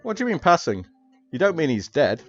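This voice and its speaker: A man's voice: on the high side, huge pitch swings, brisk, soft background music, voice pushed up. Professor Cowles, a man playing a jovial academic. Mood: friendly. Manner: chatty and hospitable, trailing off and restarting. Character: jovial male Australian professor, sociable drinker. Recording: slightly dull lo-fi audio.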